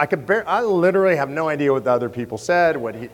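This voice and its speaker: A man telling a story to an audience in an animated, chatty way, often restarting his sentences. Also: on the high side, fast, big-room sound, noisy background.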